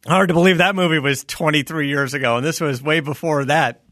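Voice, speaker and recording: A man from South Florida hosting a casual chat and reading an ad, relaxed and rambling. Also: fairly high pitch, fairly quick, no room sound, studio quality. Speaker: host.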